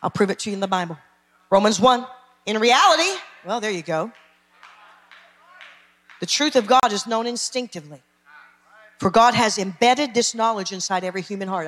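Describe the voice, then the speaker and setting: A woman's voice: mid-range voice, normal speed, pauses often, a bit bright. A woman pastor, preaching an emphatic sermon and calling out to her congregation. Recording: long hall reverb.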